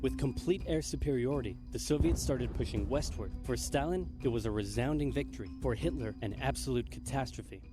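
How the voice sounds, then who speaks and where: A man giving scripted, wry comedic history narration from a played video. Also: mid-range voice. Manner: wry, jokey asides in a brisk narrative. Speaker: documentary narrator. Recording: played video with music behind. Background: music.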